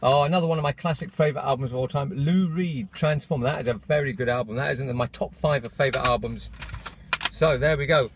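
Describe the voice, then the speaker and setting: A man's voice: medium pitch, quick pace. Male vlogger, chatty, rambling, faint background hiss. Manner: chatty, rambling, self-interrupting. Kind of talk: casual chat to camera.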